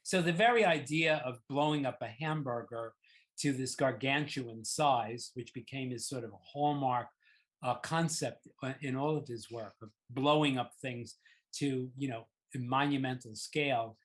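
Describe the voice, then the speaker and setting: A man's voice: medium pitch, moderate pace. A man giving an informal slide lecture on art, rambling and conversational with many fillers and restarts.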